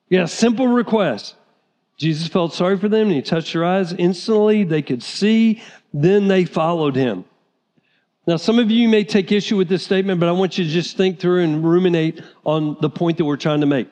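High-voiced man preaching in a hall. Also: moderate pace. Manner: animated preaching, acting out biblical voices. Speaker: pastor. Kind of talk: sermon. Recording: reverberant hall.

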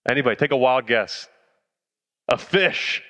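A man's voice: medium pitch, expressive, a little slow, pushed and bright. A man preaching a casual sermon as a youth pastor, conversational and slangy, often asking the audience questions. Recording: reverberant hall.

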